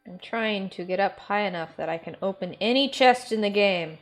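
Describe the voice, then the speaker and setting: A woman's voice: mid-range voice, normal speed, faint music behind. A woman streaming a game and chatting casually and playfully with viewers, laughing often; her first language is German. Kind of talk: casual gameplay commentary.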